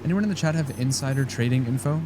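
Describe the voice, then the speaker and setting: A man's voice: medium pitch, quick pace, background noise. A man streaming a game, rambling and joking casually as he talks to his chat. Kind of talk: casual live-stream chat while gaming.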